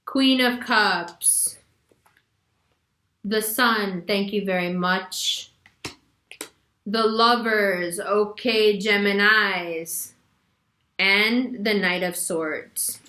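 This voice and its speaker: A woman's voice: mid-range voice, drawn-out words, pauses often, sharp tone. A woman giving a casual tarot reading, talking bluntly in slang and leaning hard on her words. She laughs easily mid-sentence, and her voice rings in a roomy, echoey space. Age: adult with a son. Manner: frank, slangy, emphatic; laughs often while talking. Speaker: tarot reader.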